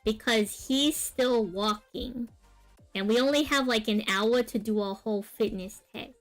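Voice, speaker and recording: A woman's voice: fairly high pitch, measured pace, faint music behind. A young woman streamer telling a long personal story in a rambling, casual way, full of fillers and asides. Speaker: art streamer. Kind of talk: casual chat while drawing on stream.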